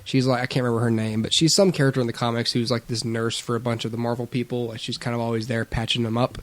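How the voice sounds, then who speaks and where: A man co-hosting a podcast in casual chat, rambling and animated, given to mimicking actors. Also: mid-range voice, quick pace, no echo. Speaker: podcast co-host.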